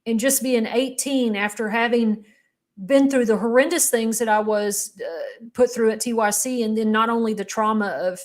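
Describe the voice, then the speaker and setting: Candid woman, higher voice. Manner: candid and emotional, halting with restarts. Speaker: interview guest. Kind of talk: personal storytelling in an interview.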